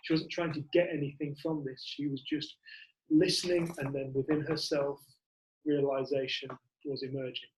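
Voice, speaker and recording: A man's voice: a little high, level tone, normal speed, low-quality recording. A man, leading a community group in casual storytelling talk and animatedly acting out what other people say. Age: 40s.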